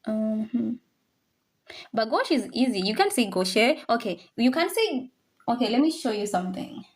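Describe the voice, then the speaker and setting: A woman's voice: a little high, big pitch swings, moderate pace, darkish tone. A woman teaching a live online French class, patiently repeating each word to drill its pronunciation and mixing in English and some Swahili.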